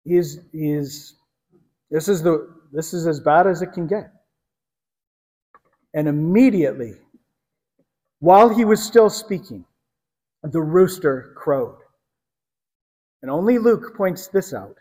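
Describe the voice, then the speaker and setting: A man preaching a sermon, telling the story dramatically and with emphasis, sometimes dropping to a hush. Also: fairly high pitch, unhurried, long pauses, big-room sound, rough recording. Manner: dramatic storytelling, emphatic, drops to hushed tones.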